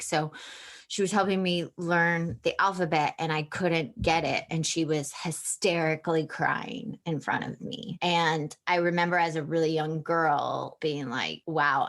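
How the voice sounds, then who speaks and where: A woman's voice: low-pitched, a bit bright. A woman author speaking candidly as an interview guest, emotional and searching, often restarting her sentences.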